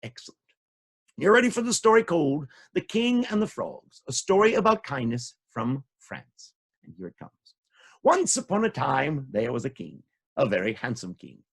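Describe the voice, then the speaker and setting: A playful male storyteller leads children through a tale, coaxing them to join in on the sound effects. His voice leaps widely in pitch, sits high, and carries a gravelly, husky rasp. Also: a bit bright.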